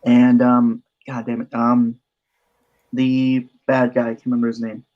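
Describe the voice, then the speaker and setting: Podcast host, man, mid-pitch, reads his notes then riffs dryly, dull lo-fi audio. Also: monotone, a little slow. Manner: reads prepared notes, dry asides. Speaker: podcast host reading list entries. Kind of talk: casual chat mixed with reading a script.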